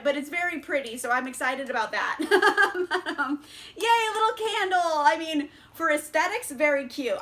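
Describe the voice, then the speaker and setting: A woman's voice: sits high, pushed and bright. A woman vlogger casually chatting through a book haul, bubbly and giggly, with lots of fillers.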